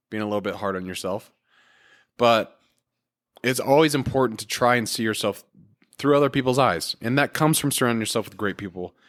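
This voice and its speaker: A man's voice: mid-range voice, fairly bright tone. A man hosting a solo motivational podcast, talking in an earnest, encouraging and casual way with everyday fillers. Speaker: podcast host.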